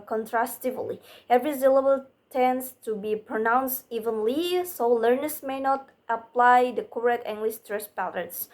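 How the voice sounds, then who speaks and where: A young woman, giving a class presentation on phonetics and reading slowly with restarts and fillers. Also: fairly high pitch, darkish tone. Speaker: student presenter.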